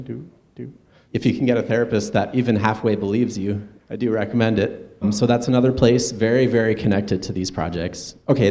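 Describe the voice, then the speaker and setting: A man speaking earnestly at a conference, in a conversational presentation with soft asides. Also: on the low side. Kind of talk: personal stage presentation. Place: conference stage.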